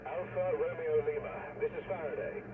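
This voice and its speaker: A man's voice: fairly high pitch, wildly swooping pitch, normal speed. An actor playing a hesitant male station radio operator speaking over a radio transmission in a video game. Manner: formal radio procedure, hesitant. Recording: tinny radio line with music.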